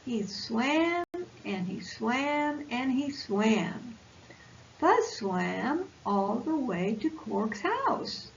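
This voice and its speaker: A woman reads a picture book aloud to small children at a very slow pace. Her pitch rises and falls a lot, with a gravelly edge. The recording is dull and lo-fi, with a faint hiss underneath. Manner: slow, expressive read-aloud voice. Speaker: volunteer storyteller.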